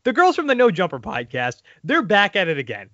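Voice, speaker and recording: A man hosting a casual sports podcast, talking in an animated, crude way with laughing asides. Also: sits high, brisk, dry recording. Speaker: podcast host. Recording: dull lo-fi audio.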